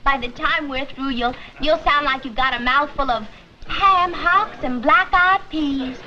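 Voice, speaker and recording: Young American, encouraging, high voice, dull hissy old TV audio. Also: female voice, unhurried. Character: eager young American exchange girl. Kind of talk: 1960s sitcom acting. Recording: dull old TV soundtrack with loud hiss.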